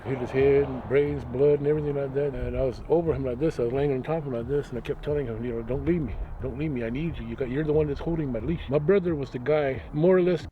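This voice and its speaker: A man tells his life story in a quick, tumbling rush, slipping into the voices of the people he quotes. The sound is a little muffled and dull, with faint outdoor noise behind him. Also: mid-range voice. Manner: rambling, vivid retelling with quoted voices. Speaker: interviewee, religious leader. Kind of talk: personal storytelling in interview. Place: outdoors near a road.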